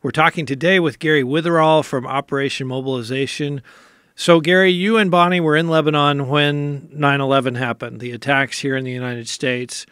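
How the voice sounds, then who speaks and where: A man's voice: a little high, steady tone, fairly quick, a bit bright, smooth, dry recording, clean studio sound. A man hosting a radio show, interviewing a guest in a conversational way and asking open questions.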